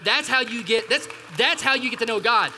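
A man's voice: very high voice, fairly quick, sharp tone, slight background noise. A male pastor, preaching a sermon with emphatic call-and-response asides to his congregation. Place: church hall. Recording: church hall reverb.

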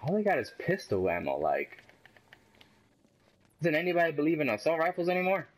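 Excitable man trash-talking over gameplay. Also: fairly high pitch, fairly quick. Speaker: gaming commentator. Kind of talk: casual gameplay commentary.

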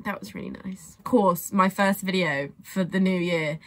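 A young woman giving casual reaction commentary on a music video, gushing and excitable and swearing freely. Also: fairly low pitch, moderate pace.

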